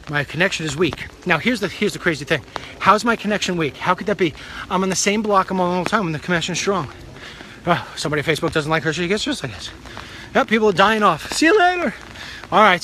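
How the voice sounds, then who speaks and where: Walking outdoors in the rain, a middle-aged man hosts a live political talk stream into a phone. His high-pitched voice is bright and forceful, with a little hiss or hum, as he talks bluntly in rambling, jokey asides.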